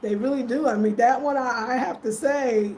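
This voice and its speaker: Speaking at a normal pace, this woman has a somewhat high, slightly mellow voice. She's a middle-aged vlogger from the United States, answering her live chat from a rural Ghanaian home and casually thanking viewers by name. Faint background noise and room echo are audible.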